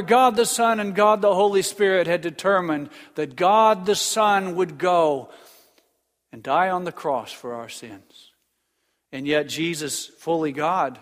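A man's voice: sits high, a bit bright, long reverb tail. An older man preaching an earnest sermon as pastor, with small restarts and asides.

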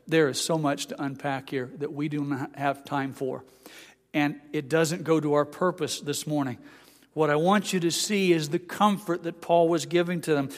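Man, preaching, reads scripture aloud, high voice, long hall reverb. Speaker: pastor. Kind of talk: sermon.

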